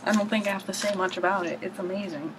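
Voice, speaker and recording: A woman chatting casually to camera on a low-quality home video, rambling with hushed asides and mock-dramatic outbursts. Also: fairly even intonation, quick pace, background noise. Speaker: vlogger showing her record collection.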